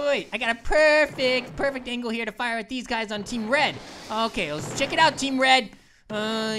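A woman voicing an excitable, goofy cartoon grape who gives let's-play commentary as a gaming channel host. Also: fairly high pitch, slight background noise. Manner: excitable, exclaims and laughs, cartoonish.

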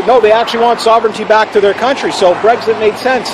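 Rambling, opinionated high-voiced man. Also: quick pace, few pauses, noisy background. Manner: rambling and opinionated, with frequent restarts and fillers. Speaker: vlogger. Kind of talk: casual opinion monologue.

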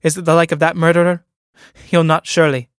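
Man doing a scornful young village girl, mocking, impatient, raised pitch, dry close sound. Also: level tone, fast talker, clean tone, no echo, lightly acted. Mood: sharp. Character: spirited young Irish country girl, scornful and teasing. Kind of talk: dramatic play reading.

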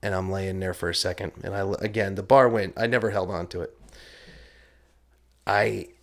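Low-voiced man telling a rambling story. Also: fairly even intonation, normal speed, creaky. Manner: rambling, self-deprecating, swears freely. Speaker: podcast host. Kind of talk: casual first-person storytelling.

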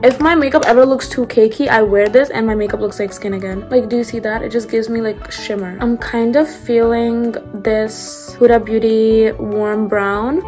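A woman's voice: on the high side, fairly even intonation, normal speed, few pauses, a little mellow, faint music behind. A young woman vlogging her makeup routine in casual, filler-heavy chat. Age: young adult. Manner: chatty, filler-heavy, upbeat. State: slightly losing her voice. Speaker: beauty vlogger. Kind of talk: casual get-ready-with-me chat.

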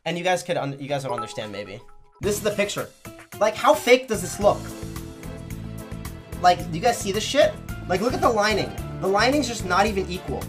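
Profane, animated young man streamer. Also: high voice, a little fast, long pauses, over music. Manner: profane, animated, heavy swearing. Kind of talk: casual stream storytelling.

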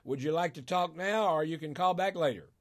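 With a slight hiss or hum on the audio, an older pastor from Arkansas talks fairly quickly in a fairly high voice while hosting call-in radio. He has a Southern accent and a folksy, emotional way of speaking, often laughing and elongating words to stress them.

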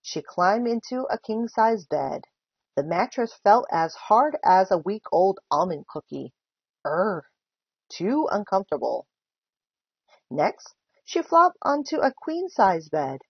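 Woman reading a kids' story, lively swooping pitch, husky tone, dull dry recording. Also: a little slow, dry recording. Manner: expressive storytelling. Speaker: volunteer reader. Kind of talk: reading a children's book aloud.

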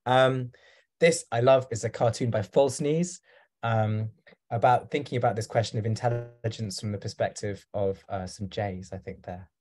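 A man's voice: on the low side, normal speed, a little mellow. A man giving a talk over a video call, rambling and hesitant with many fillers. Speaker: guest speaker.

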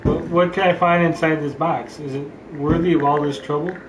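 A man's voice: a little high, steady tone, a little fast, distant mic, background noise. Joking man commenting on a game. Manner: joking, rambling, reads game text aloud. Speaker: let's play host. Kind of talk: casual gameplay commentary. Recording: roomy sound from off-mic, game music. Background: game music.

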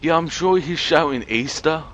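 A man giving casual let's-play commentary, sweary and sarcastic, reacting out loud to what happens in the game. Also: fairly high pitch, normal speed, slight background noise. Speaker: gamer.

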